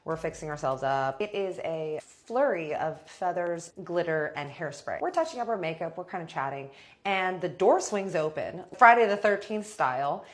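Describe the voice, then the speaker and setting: Young woman, low voice, sassy storyteller who jumps into character voices. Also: lively intonation, normal speed. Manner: sassy, dramatic, voices every character with big pitch jumps. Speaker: storytime vlogger. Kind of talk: animated storytime monologue.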